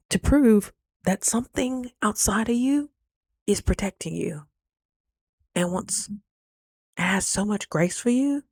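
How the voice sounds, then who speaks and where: A woman talks straight to her viewers in a casual storytime vlog. She is animated and chatty, and her voice sits a little low. The recording is close and dry, with no room sound. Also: no room sound. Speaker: vlogger.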